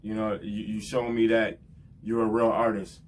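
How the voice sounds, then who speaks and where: Emotional rapper giving rambling shout-outs. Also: male voice, lowish voice, little pitch movement, normal speed, recorded from a distance, slight background noise. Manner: rambling, emotional, repeats "you know what I'm saying". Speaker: rapper hosting his channel's show. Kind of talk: heartfelt casual shout-outs to camera.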